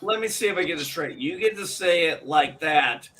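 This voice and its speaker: A man with a New York accent, streaming and trading loud, joking banter late at night. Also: a little high, expressive. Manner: loud, quick to bristle, joking.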